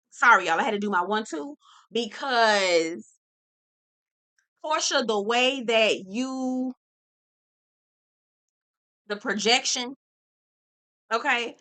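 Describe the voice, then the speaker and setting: Woman, reality show recap host, sassy, profane, animated, bright forceful tone, fairly high voice. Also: slow pace, long pauses. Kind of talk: casual episode recap.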